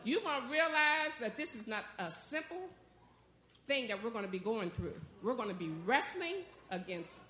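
A woman preaching from a church pulpit with a bright, forceful voice pitched a little high. She leads call-and-response with the congregation and works herself up toward shouting. The room rings with echo. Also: big pitch swings, normal speed. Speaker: guest speaker at church. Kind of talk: sermon. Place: church sanctuary. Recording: echoey church hall.

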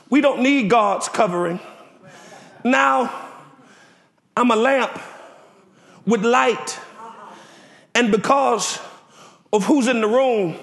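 A man with a very high, bright, ringing voice preaches a fiery sermon in a church sanctuary. He throws out call-and-response lines and shouts them to the congregation. His voice rings around a roomy, echoing room. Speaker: visiting preacher.

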